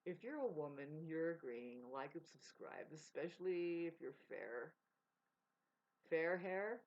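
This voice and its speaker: A woman's voice: low-pitched, animated, unhurried, a little mellow. A woman vlogging in a rambling, profane casual monologue, laughing mid-sentence. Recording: dull lo-fi sound.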